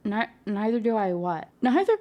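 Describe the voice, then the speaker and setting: A woman's voice: medium pitch, animated, highs cut off. Sarcastic young woman reviewing a book. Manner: sarcastic, incredulous, quick to laugh. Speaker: book reviewer reading aloud. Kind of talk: casual ranting book review with read-aloud passages.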